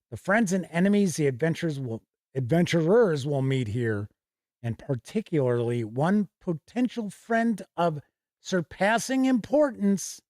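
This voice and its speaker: A man's voice: a little high, a little mellow, dry recording, clean studio sound. Man reading game books on a stream. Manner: reads aloud from books, corrects himself. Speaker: host. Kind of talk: casual livestream review.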